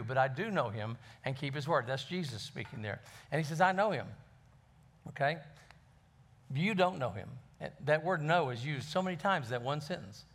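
A man who is a pastor, preaching a conversational sermon in a folksy way and often repeating words as he finds his phrasing. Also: medium pitch.

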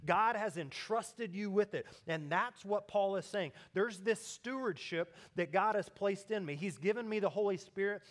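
A man preaching a sermon, animated in his stories and turning hushed and earnest when he appeals to his listeners. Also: high voice, normal speed, few pauses. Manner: animated storytelling, swings between loud emphatic peaks and hushed earnest appeals. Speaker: pastor.

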